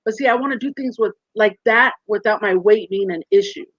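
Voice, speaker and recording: A woman in her forties, a guest in a casual interview, telling stories with lively acted-out quotes over a video call. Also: medium pitch, fairly quick, dry recording. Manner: animated storyteller, acts out quoted voices. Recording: muffled dry call audio.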